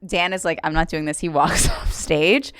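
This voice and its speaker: A woman comedian hosting a podcast, telling a story with lively acted-out quotes in a higher voice. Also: normal speed, clean tone, no room sound, clean studio sound. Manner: animated storyteller, acts out quotes in a high voice. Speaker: podcast host. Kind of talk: casual chat, storytelling.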